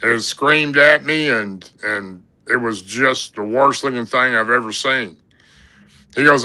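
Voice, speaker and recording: A podcast guest with a drawl and a strikingly bright, forceful voice at ordinary male pitch tells a long encounter story at a measured pace. His casual, folksy rambling strings sentences together with lots of "and, uh," on a low-quality recording.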